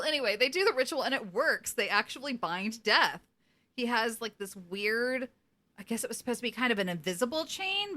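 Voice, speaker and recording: Bright-voiced, animated young woman podcaster. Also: on the high side. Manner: animated, laughing, profane. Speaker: podcast co-host. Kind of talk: casual recap chat.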